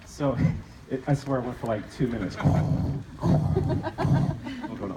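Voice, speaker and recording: A man's voice: medium pitch, wildly swooping pitch, unhurried, long pauses, heavy background noise. A man in his forties telling a rambling, emotional story at a memorial, laughing between thoughts. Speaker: mourner sharing memories. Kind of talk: eulogy at a memorial.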